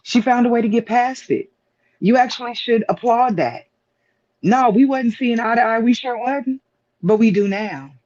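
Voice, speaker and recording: A man with a fairly high voice speaking emphatically on a live stream, piling up rhetorical questions. The sound is dry and close, and the audio is dull and lo-fi. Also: normal speed, darkish tone, no room sound. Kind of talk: casual opinion talk.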